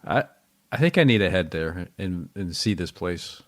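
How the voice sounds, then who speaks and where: Playful male co-host, lower voice, agreeable banter. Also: animated. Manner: playful, chatty, quick to agree. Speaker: podcast co-host. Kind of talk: casual true crime podcast chat.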